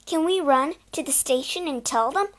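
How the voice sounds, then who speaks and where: A woman's voice: sits high, moderate pace, voice pushed up, close to an everyday voice. A woman voicing a brave, caring older sister who speaks in an earnest, comforting way.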